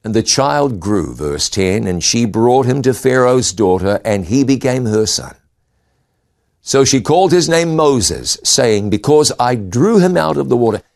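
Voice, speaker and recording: A man preaching a sermon, reading scripture aloud and retelling it with lively rises and drops in pitch and volume. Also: measured pace, creaky. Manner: expressive Bible reading with shifting pitch and volume.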